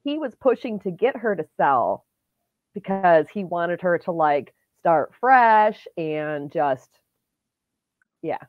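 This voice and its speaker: A woman's voice: on the low side, lively intonation, slow pace, dry recording, narrow, tinny audio. A woman client giving plain, explanatory answers in casual conversation.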